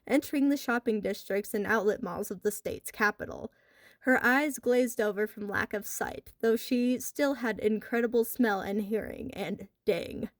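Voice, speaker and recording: A woman narrating a horror story in a lively, expressive way with a wry edge. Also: mid-range voice, no room sound, clean studio sound.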